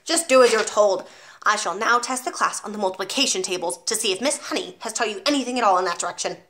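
A woman's voice: mid-range voice, quick pace, a bit bright, lightly acted. A woman reading aloud and voicing a huge, brutal headmistress who bellows, snaps and sneers at children. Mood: scornful. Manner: bellowing, snapping, scornful.

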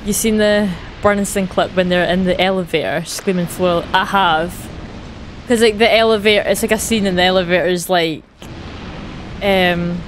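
A woman's voice: medium pitch, a little hiss or hum. A young woman with a light Scottish accent chatting casually while she plays a video game on stream, laughing at herself and answering chat. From Scotland. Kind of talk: casual gameplay commentary.

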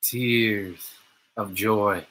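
A man giving expressive live voicing for a virtual art workshop, in short, animated exclamations and playful reactions over a video call. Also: on the low side, extremely slow.

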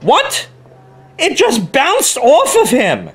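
A man's voice: very high voice, huge pitch swings, slow, fairly bright tone. Heated, swearing man on a rant. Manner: heated, profane, quoting others in put-on voices. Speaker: car hobbyist vlogger. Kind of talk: angry ranting story.

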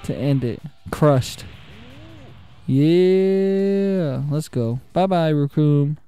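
A young man streaming a fighting game, hyping himself up and trash-talking the computer opponents between laughs. His voice sits a touch high but sounds very dark and mellow. Faint game music runs behind him. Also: takes it slowly, clean tone. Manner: excitable, trash-talks the opponents, laughs often. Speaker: gaming channel host. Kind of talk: casual gameplay commentary.

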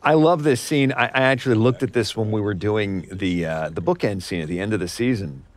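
A man's voice: fairly low pitch, brisk. A man on a film commentary, enthusiastic, stammering a little, asking the others questions. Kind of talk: DVD commentary chat.

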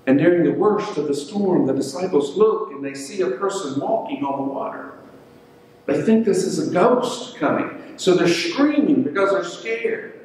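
Here a male pastor delivers a sermon full of stories, performing the quoted voices himself. He sounds high-pitched, animated and a little mellow at a moderate pace, recorded by a distant mic in an echoey church sanctuary.

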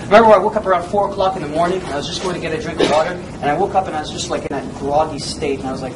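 A middle-aged man teaching self-defense, telling a story in a lively, profane, laughing way. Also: on the high side, very fast. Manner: animated, profane, laughs often. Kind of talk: casual storytelling to a class. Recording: roomy and distant with noise.

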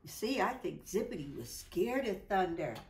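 A woman reading a children's picture book aloud, with lively, drawn-out delivery. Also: fairly low pitch, roomy sound. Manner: animated, drawn-out, voices for characters. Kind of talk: children's storybook read-aloud. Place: indoors at home.

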